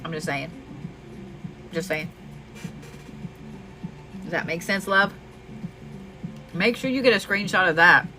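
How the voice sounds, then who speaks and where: A woman's voice: lowish voice, animated, takes it slowly, long pauses, low-quality recording. A woman giving a live astrology reading, chatty, affectionate and freely profane. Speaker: astrology reader. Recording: music playing behind. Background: clear background music.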